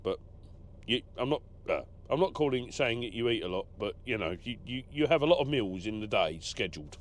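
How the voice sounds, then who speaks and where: Rambling, self-deprecating lorry driver. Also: male voice, medium pitch, animated, fairly quick, slight background noise. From England. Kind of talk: casual vlog chat, reading comments. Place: truck cab.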